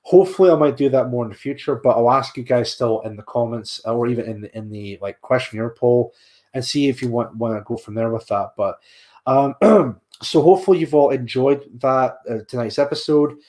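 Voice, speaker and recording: A man's voice: medium pitch, fairly quick, darkish tone. A man hosting a podcast livestream, tired and yawning, rambling and repeating himself as he signs off. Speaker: podcast host. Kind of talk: casual livestream sign-off.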